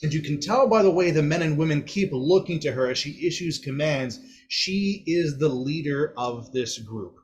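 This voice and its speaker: A man's voice: fairly high pitch, lively intonation, normal speed, hardly any pauses. A man narrating a tabletop game as game master, vivid and playful, laughing often.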